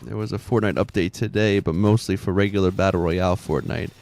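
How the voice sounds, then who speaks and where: A man's voice: low-pitched, steady tone, fairly quick, gravelly, a little mellow, a little hiss or hum. A man in his thirties chatting casually while streaming a game, rambling, laughing often and muttering to himself.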